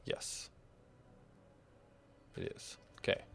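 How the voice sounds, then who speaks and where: A man's voice: extremely slow, fairly bright tone. A man hosting a multiplayer gameplay session, chatting casually and thinking aloud as he sorts out game systems. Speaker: gameplay host.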